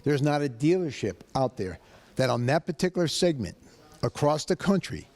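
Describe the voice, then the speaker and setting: Brash, excitable car-dealer man. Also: moderate pace. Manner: loud, brash, excitable pitchman. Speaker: car dealership owner in his own commercial. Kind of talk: hyped dealership TV ad.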